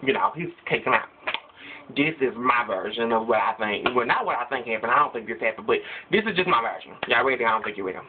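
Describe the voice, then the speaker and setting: A man's voice: mid-range voice, expressive, quick pace. A man vlogging, telling a comic story in playful, rambling casual chat and teasing his viewers. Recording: tinny phone-like audio with noise.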